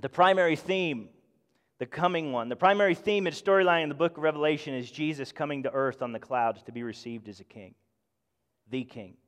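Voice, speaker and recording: A fairly high-voiced man preaching with fervor, his delivery rising into emphatic bursts and then dropping to near-hushed tones. The voice rings out in a church hall with a long reverb tail. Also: brisk. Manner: passionate, swings from loud to hushed. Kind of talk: sermon.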